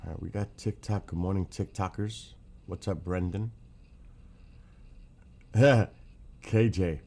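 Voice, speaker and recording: This is a man from New York with a clear New York accent and a very low voice. He rambles in a loose, friendly way through his morning livestream, greeting viewers by name as he goes. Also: slow, a little mellow, slight background noise. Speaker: livestream host. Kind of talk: casual morning livestream chat.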